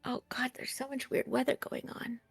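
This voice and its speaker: A woman running a tabletop game on stream as game master, chatty and quick to laugh. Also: sits high, level tone, gravelly, husky, no echo, faint music behind.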